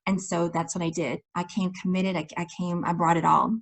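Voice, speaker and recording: A woman coach telling a personal story in an enthusiastic, expressive way, laughing often and acting out her past conversations. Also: on the low side, a little fast, vocal fry, breathy edge. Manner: acts out her own past dialogue. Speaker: life coach.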